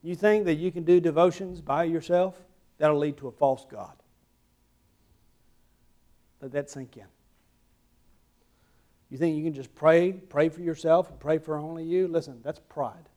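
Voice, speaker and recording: Southern man, pastor delivering a sermon, high-pitched, quiet asides and loud emphatic peaks. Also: unhurried, long pauses. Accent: Southern American. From American South.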